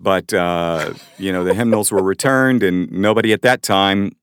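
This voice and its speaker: A man co-hosting a podcast, telling a funny story in a casual, animated way. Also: normal speed, clear, resonant tone, no room sound, studio quality. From Arkansas, US. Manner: animated storyteller, voices his friends with a jump in pitch. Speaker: podcast co-host.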